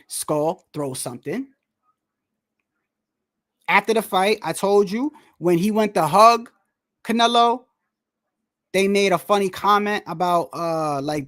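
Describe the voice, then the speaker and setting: A man, a boxer, chatting casually about a fight, animated and laughing, saying "bro" a lot. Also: sits high. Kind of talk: casual fight commentary chat.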